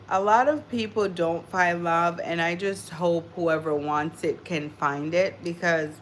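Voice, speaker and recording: A woman's voice: fairly low pitch, a bit bright, a little hiss or hum. A woman, born in Jamaica and raised in the United States, hosting a casual live chat and talking straight to her viewers by name. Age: adult mother. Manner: chatty, talks straight to viewers by name, restarts words. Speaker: livestream host chatting with viewers.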